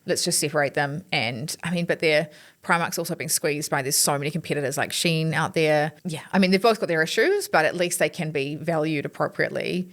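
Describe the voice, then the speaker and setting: A woman's voice: low-pitched, fairly quick. Woman co-hosting, chatty storyteller. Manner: chatty storytelling, animated quoting. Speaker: podcast co-host. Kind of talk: casual finance chat.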